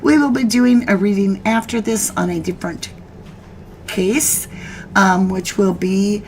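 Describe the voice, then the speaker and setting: A woman hosts a casual live-stream chat at an unhurried, drawn-out pace. Her voice sits in a middle range and she talks chatty and homespun, with a little background hiss underneath. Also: mid-range voice, steady tone, rough recording. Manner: chatty, scolding her dogs mid-stream, laughing. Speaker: host of a live true crime chat.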